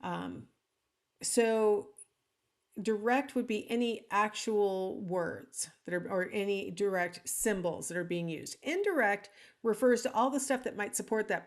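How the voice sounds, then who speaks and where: A woman instructor giving a casual, conversational recorded lecture, with frequent ums and asides to the listener. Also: medium pitch. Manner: acts out example lines in different intonations. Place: alone at home or office, speaking to a recording.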